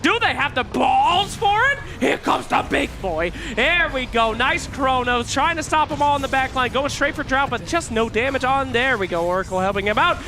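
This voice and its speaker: A man casting a video game match with play-by-play commentary, joking, laughing often and shouting in big moments. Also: extremely high pitch, normal speed, hardly any pauses, a little hiss or hum. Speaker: esports caster.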